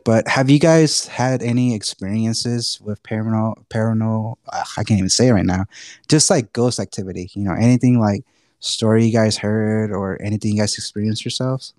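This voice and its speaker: A man's voice: on the low side, fairly even intonation, fairly quick, a little mellow, dry recording, clean studio sound. A man from Texas with a Texan accent, co-hosting a podcast in a laid-back, rambling way with lots of fillers. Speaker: podcast co-host. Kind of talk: casual chat.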